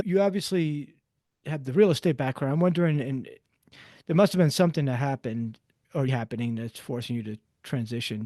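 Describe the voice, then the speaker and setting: A man's voice: mid-range voice, mellow, no room sound. A man hosting a podcast interview, asking long, wandering questions in a conversational way. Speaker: podcast host.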